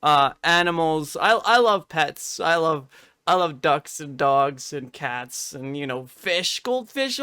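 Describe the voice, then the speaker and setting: A fake-sorry video maker gives a rambling apology and stammers over the words, as a streamer puts the voice on. The voice is bright and sits at an ordinary pitch. It sounds tearful in a put-on way. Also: clear, resonant tone, no echo, clean studio sound, natural voice.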